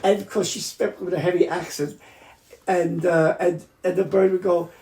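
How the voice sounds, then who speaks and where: A man's voice: high voice, little pitch movement, moderate pace, warm tone. An older man from New City, telling chatty, profane family stories in a casual interview at home. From New York City. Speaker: interviewee, accordion player. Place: home room in Queens. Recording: roomy room echo.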